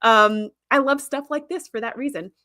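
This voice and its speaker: A woman hosts a podcast, talking enthusiastically about a TV series and reading out live chat comments, with frequent fillers and quick asides. Her voice is fairly high, bright, and forceful, captured with clean studio sound and no echo.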